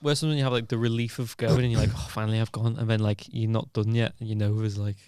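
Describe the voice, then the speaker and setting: Man, smooth clear voice, self-deprecating anecdotes, dry mic. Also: lowish voice, little pitch movement, fast talker, a little mellow, dry recording. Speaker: podcast guest. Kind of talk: casual chat.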